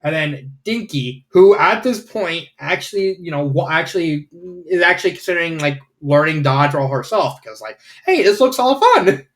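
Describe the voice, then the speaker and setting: A man's voice: a little high, normal speed, fairly bright tone. Rambling man reviewing fanfiction. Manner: rambling, swears, many fillers. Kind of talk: casual review chat.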